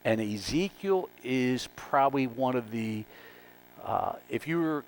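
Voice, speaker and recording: A man's voice: mid-range voice, lively intonation, unhurried, a little hiss or hum, rough recording. A male pastor giving a conversational, emphatic sermon and working through numbered points.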